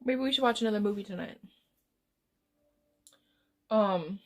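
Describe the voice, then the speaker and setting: A woman's voice: medium pitch, a little slow. Woman live streamer with a loose, wandering way of chatting with her viewers. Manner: rambling, chatting with chat, drifting off-topic. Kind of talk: casual chat with viewers.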